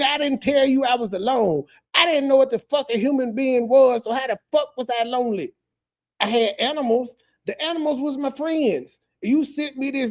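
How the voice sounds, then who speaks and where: A male streamer reacting to clips and ranting profanely at a viewer in chat, heated and preachy, drawing out words for emphasis. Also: extremely high pitch. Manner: heated, preachy, addresses a chatter directly. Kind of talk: profane casual rant.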